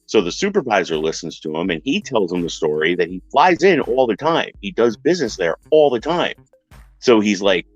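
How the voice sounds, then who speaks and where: A man with a very low voice spins a story for a podcast panel in a loose, conversational way, now and then acting out the people in it. The sound is dry and a little dull, with faint music underneath. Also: brisk, dry recording. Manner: animated retelling, acts out quoted voices.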